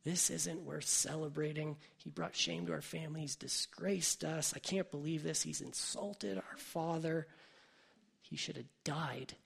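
A man acting out a resentful older brother who nurses his grievances aloud. The voice is raspy and gravelly and sits a little high. He sounds self-pitying and bitter. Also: steady tone, measured pace, a bit bright, heavily acted. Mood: angry.

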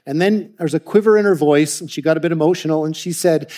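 A man's voice: fairly high pitch, fast. A man from Canada giving a testimony talk with slides, telling stories with lots of restarts. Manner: animated storytelling with frequent restarts. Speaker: ministry speaker presenting slides.

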